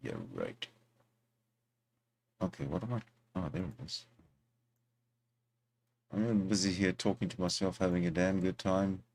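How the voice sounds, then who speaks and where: A man with a somewhat low voice hosts a livestream from his desk. He rambles casually, trailing off, restarting his sentences and chatting to himself between points. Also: expressive, a little slow, vocal fry, long pauses, a little mellow. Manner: rambling, talks to himself, many fillers and restarts. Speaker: livestream host. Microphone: desktop streaming mic.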